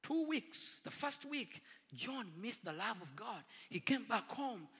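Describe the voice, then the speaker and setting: A man preaching a storytelling sermon, dramatic and husky, swinging from booming to hushed. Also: big pitch swings, slow pace. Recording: long reverb of a large hall.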